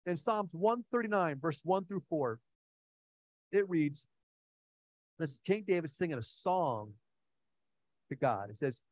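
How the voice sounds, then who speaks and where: A man preaching with a slightly higher pitch than most men. He talks in an earnest, conversational way, full of restarts and fillers as he tells stories. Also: expressive, normal speed, long pauses, dry recording, poor audio. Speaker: pastor. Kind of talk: preaching sermon.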